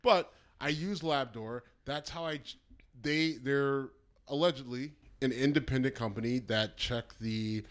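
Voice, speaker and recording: A man co-hosting a loose, casual podcast. He is blunt and sometimes crude. He rambles through long explanations full of restarts and fillers. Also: medium pitch. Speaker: podcast co-host. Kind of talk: casual banter.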